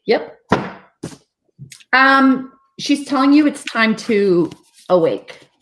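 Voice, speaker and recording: A woman's voice: on the high side, animated, drawn-out words, fairly bright tone, poor audio. A woman delivering a spiritual card reading in earnest, repetitive, encouraging phrases. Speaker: co-reader giving card messages.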